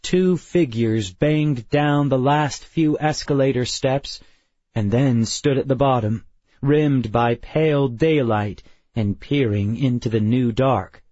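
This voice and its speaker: A male narrator reads a first-person audiobook in a slow, measured way. His voice carries a husky grain. The recording is dry and slightly dull. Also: medium pitch, a little mellow, no room sound. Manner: measured, unhurried.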